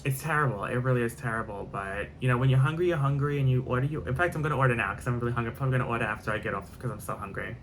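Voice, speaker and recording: A man's voice: mid-range voice, rapid-fire, hardly any pauses, slight background noise. A man telling a rambling story-time vlog, repeating himself and swearing freely. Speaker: vlogger.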